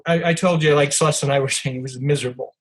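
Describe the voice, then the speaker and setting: Older guy author on a podcast, husky voice, rambling story with lots of ums. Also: fairly high pitch, fairly even intonation, fast talker, poor audio. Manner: rambling anecdotes with many restarts and fillers. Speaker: author and guest.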